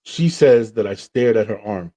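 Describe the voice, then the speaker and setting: A man hosting a podcast, telling stories in a casual, slangy, animated way and acting out what people said. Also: on the low side, moderate pace. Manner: animated, slangy, acts out quotes. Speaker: podcast host. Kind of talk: casual storytelling chat.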